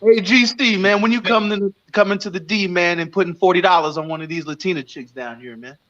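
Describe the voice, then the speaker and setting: A man's voice: high-pitched, fast talker, fairly bright tone, dull audio. A man on a livestream panel, joking and teasing in heavy slang. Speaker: panel guest. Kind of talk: casual livestream panel talk.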